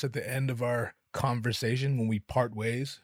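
In a clean studio recording with no room sound, a man hosts a podcast at a slightly quick clip, barely pausing. His voice is medium-pitched, and his loose monologue is packed with profanity, jokes, and sudden character voices.

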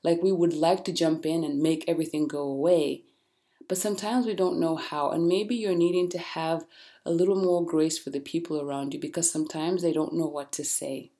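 A woman hosting a podcast, talking straight to listeners with blunt, animated, faith-based encouragement. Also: low-pitched, a little fast. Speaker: podcast host. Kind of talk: casual motivational monologue.

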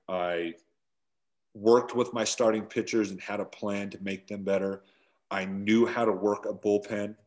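A low-pitched man in his forties tells stories from his years as a pro catcher. He talks casually and animatedly, and his voice jumps up when he acts out someone yelling. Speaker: former pro baseball catcher, guest. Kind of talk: casual storytelling interview.

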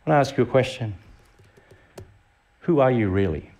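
A middle-aged Australian man, a visiting preacher, delivers a sermon in a conversational style, posing rhetorical questions to the congregation. His voice is medium in pitch and darkish in tone, animated, and moves at a normal speed.

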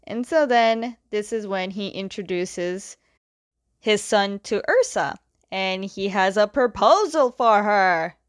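A woman chats through a story recap, loose and conversational, constantly slipping into "he's like" quotes. Her voice sits in a middle pitch. The recording is dry and close. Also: lively intonation, slow pace, clear, resonant tone, no room sound. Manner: chatty, retells scenes with "he's like" quotes. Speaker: comic recap talker. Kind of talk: casual recap chat.

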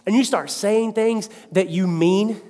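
A man in his thirties preaching a sermon as pastor, animated and conversational, with self-mocking asides. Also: high voice, a little slow, in a large hall.

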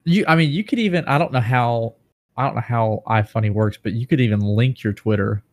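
A man's voice: medium pitch, a little fast. Chatty man co-hosting a podcast. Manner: chatty, explains things. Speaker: podcast co-host. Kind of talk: casual chat.

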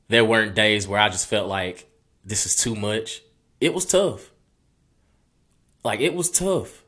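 Young man, low voice, earnest, repeats himself. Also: fairly bright tone. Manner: earnest, repeats and restarts phrases. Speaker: former college football player. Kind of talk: personal storytelling.

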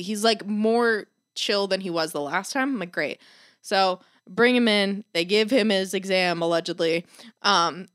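A woman talks casually into a close mic in a dry, dead room. She tells her story in an animated way, swears freely and pushes her voice up when exasperated. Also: medium pitch, no room sound. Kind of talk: casual chat.

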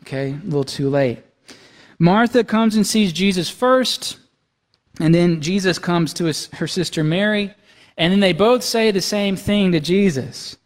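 A male pastor with a notably high voice preaches a conversational sermon, often turning to his listeners with quick check-ins. His voice rings out with a long reverb through a church sanctuary. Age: young adult to middle-aged, has young kids. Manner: conversational, asks the congregation "right?" and "okay?".

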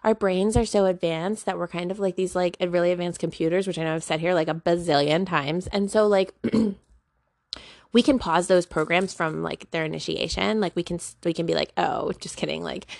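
A woman talks casually to her audience about spiritual self-help, slangy and rambling with filler words. Her voice sits fairly low with a lot of vocal fry. The recording is dry and close. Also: dry recording. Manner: chatty, peppered with "like", slangy. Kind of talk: casual talking-to-camera monologue.

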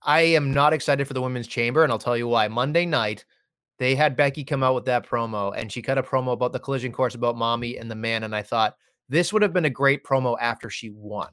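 A man's voice: mid-range voice, fast, a bit bright, clean tone. A man co-hosting a wrestling podcast, ranting heatedly and swearing constantly in casual chat. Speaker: podcast co-host.

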